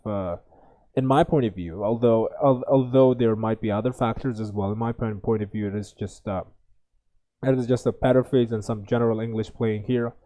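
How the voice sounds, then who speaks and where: Uzbek-accented male tutor, mellow tone, halting think-aloud delivery. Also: on the low side. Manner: hesitant, many fillers and restarts. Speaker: IELTS tutor. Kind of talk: think-aloud exam lesson.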